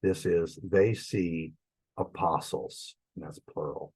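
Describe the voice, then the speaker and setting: A man teaching a Greek grammar class, explaining the rules step by step in a relaxed, informal way with frequent fillers and restarts. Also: sits low, slow pace, breathy edge, poor audio.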